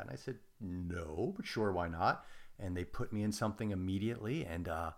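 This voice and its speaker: American guy on a podcast, laid back storyteller, pokes fun at himself. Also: fairly low pitch. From United States. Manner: self-deprecating storyteller, quick asides. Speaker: podcast guest. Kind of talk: casual chat.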